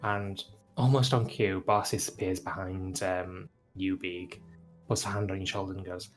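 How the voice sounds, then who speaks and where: Male game master, lowish voice, relaxed narration with fillers. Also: moderate pace, soft background music.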